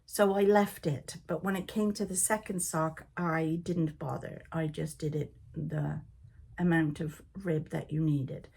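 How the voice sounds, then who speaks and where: An older woman with a Liverpool accent softened by Canada hosts a knitting show, chatting and rambling with frequent laughs. Her voice sits on the lower side and still carries traces of a recent cold. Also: steady tone, unhurried, gravelly, husky. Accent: Liverpool with Canadian influence. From Liverpool, England. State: recovering from a cold. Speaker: knitting podcast host. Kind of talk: casual chat.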